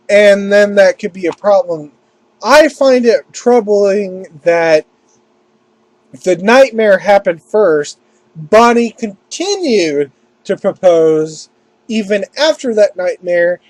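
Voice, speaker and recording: A man giving a casual spoken review of an anime episode. He rambles, restarts his sentences often and slips into quick mock voices for the characters. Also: high-pitched, animated, a little mellow, dry recording, low-quality recording.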